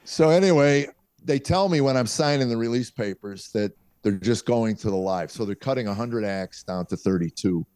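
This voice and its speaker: A man's voice: medium pitch, normal speed, smooth. A middle-aged man from a small town south of Chicago, a comedian telling anecdotes as a podcast guest. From small town south of Chicago, USA. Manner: lively storyteller, acts out voices in his anecdotes. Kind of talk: storytelling anecdotes in a podcast interview.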